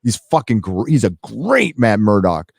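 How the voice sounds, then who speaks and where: A man with a lowish, creaky, slightly mellow voice and a breathy edge hosts a livestream, speaking slowly but very animatedly in a dry, clean studio recording. He rants casually while reading donations, emphatic and swearing freely, packing his profane talk with fillers.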